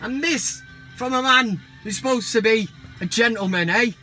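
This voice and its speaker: A man's voice: extremely high pitch, normal speed, sharp tone, soft background music. A man hosting a football vlog, ranting heatedly and mockingly with plenty of swearing.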